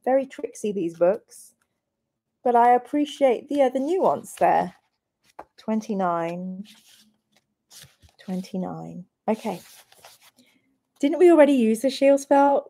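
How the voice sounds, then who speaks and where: A woman in her forties hosts a live-streamed play-through of a fantasy gamebook. She reads the passages aloud and chats with her viewers between them, in a chatty, animated way. Her voice sits in a middle pitch. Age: 40s. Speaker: host reading a gamebook to a live chat.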